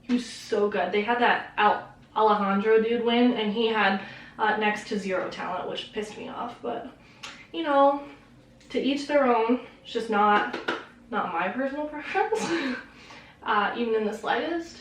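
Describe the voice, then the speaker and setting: A woman's voice: a little high, measured pace, a little hiss or hum. Chatty young woman vlogging makeup. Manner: rambling, chatty, laughs often. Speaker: beauty vlogger. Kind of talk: casual makeup tutorial chat. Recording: roomy echo, mic at a distance.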